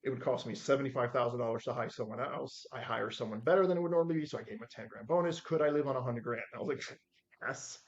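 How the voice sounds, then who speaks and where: A man in his forties telling stories as a podcast guest, acting out the quotes with lively shifts in voice. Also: medium pitch, racing, hardly any pauses, lo-fi sound. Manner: animated storyteller acting out his own quotes. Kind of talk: storytelling in a podcast interview.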